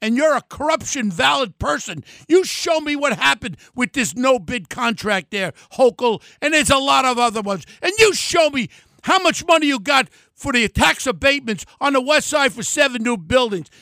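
An older man delivering a fiery political rant, yelling and name-calling. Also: very high-pitched, lively intonation, moderate pace, dry recording, studio quality. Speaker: political commentator.

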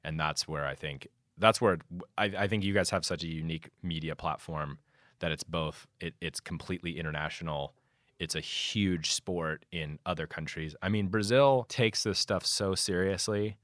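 A man speaking as a conservation guest in a casual conversation, animated and often restarting his sentences. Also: sits low, normal speed, dry recording, studio quality. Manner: animated, many restarts and fillers.

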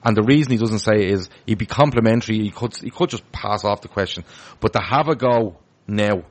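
Low-voiced man hosting football chat. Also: brisk. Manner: chatty, hesitant restarts, reads viewer comments. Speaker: podcast host.

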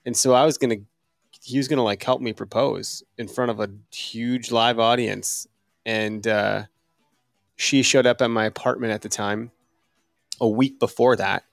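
A man hosting a podcast, telling a story in casual chat in a self-mocking, animated way and swearing freely, recorded in a studio. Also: mid-range voice, normal speed, creaky, no room sound, soft background music. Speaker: podcast host.

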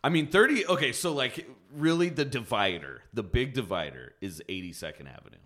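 A man's voice: mid-range voice, expressive, fairly quick, sharp tone. A man from Portland, Oregon, telling loose stories and swearing in casual chat.

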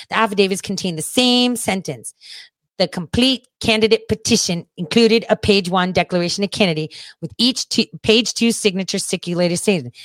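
A woman's voice: medium pitch, dry recording, clean studio sound. A woman running for office, indignantly reading legal text aloud and swearing as she rants. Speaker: political candidate. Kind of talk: ranting video commentary.

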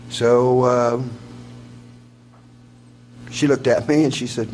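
A man's voice: medium pitch, takes it slowly, long pauses, darkish tone, a little hiss or hum. A man in his forties telling a long personal story in a rambling, folksy, wry way. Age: 40s. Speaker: singer-songwriter. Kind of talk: storytelling before a song.

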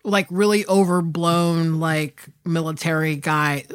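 A woman's voice: low-pitched, fairly even intonation, slow, smooth, no echo, studio quality. A woman co-hosting a podcast about films, chatting casually with enthusiastic reactions and the odd swear. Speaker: podcast co-host. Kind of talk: casual film discussion.

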